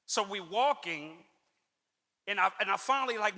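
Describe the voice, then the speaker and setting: A man's voice: high voice, expressive, moderate pace, pushed and bright, big-room sound. A middle-aged man telling a personal story as a motivational speaker, earnest and conversational, repeating lines for emphasis.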